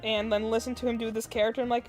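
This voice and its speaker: A woman crochets and chats on a stream, her voice sitting a little high. She rambles along, full of filler words, and drops to a mutter when she counts stitches. Soft music plays faintly behind her. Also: little pitch movement, rapid-fire. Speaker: streamer crocheting while chatting. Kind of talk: casual chat.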